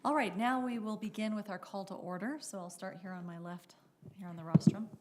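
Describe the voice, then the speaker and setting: A woman's voice: medium pitch, fairly quick, darkish tone, slight background noise. A woman chairing a city council meeting, chatty and apologetic, correcting herself as she goes, speaking into a rostrum microphone. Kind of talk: meeting chair's casual introductions.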